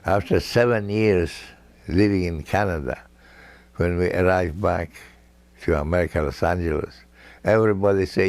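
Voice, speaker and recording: An older man telling family stories in a halting, chuckling way, with many fillers and broken, non-native grammar. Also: deep voice, big pitch swings, dry recording. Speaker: grandfather recounting family history. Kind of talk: casual personal storytelling.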